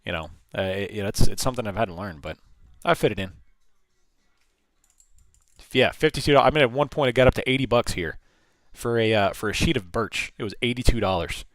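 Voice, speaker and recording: Hosting a live trading stream, a man with a lowish, expressive voice talks a little fast, and there's no echo. His casual market commentary comes out as thinking aloud, full of repeated and restarted phrases.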